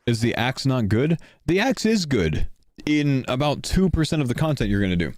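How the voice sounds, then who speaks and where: A man's voice: medium pitch, very animated, normal speed, no room sound, clean studio sound. A man streaming a game, chatting casually and explaining game mechanics to his chat.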